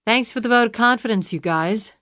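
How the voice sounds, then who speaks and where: A woman's voice: lowish voice, moderate pace, a bit bright, no room sound, clean studio sound. A woman reading an audiobook, voicing a young mother who is tense, defiant and pleading.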